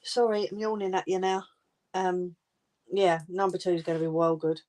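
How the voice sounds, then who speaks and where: A woman's voice: on the low side, steady tone, moderate pace, a little mellow. A woman chatting casually and informally with viewers on a home crafting livestream, laughing often.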